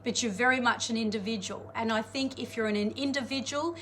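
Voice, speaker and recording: A woman, coaching an audience in a chatty, energetic live-streamed motivational talk, greeting viewers and laughing often. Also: on the high side, brisk, slight background noise. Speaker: life coach.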